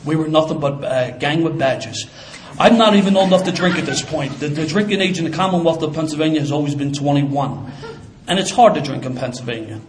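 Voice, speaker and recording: Older man, fast-talking, casual storyteller, streetwise slang. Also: a little high, slight background noise. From Philadelphia. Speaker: former police officer. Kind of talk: personal storytelling.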